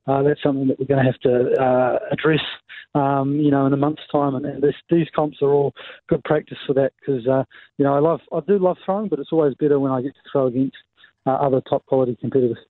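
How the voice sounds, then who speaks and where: A young New man talks loosely over a tinny phone line, filling his sentences with friendly asides. His voice sits at an ordinary pitch, and the sound is dry and narrow. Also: fairly even intonation, fast, dry recording. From New Zealand. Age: 20s. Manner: laid-back, fills speech with "mate" and "you know". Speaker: athlete guest. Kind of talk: radio phone interview.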